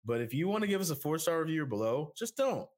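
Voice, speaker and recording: Joking, animated male podcast host. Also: quick pace. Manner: joking, animated, big pitch swings; rambling ad reads. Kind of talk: casual podcast chat.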